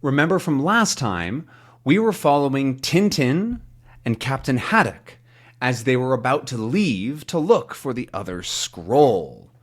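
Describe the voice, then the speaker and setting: A man teaching English to learners, reading a comic aloud with slow, clear explanations. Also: mid-range voice, sing-song.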